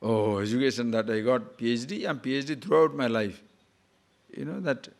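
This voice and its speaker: An older man giving a spiritual discourse as a teacher, animated, asking rhetorical questions and chuckling now and then. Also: mid-range voice, moderate pace, vocal fry.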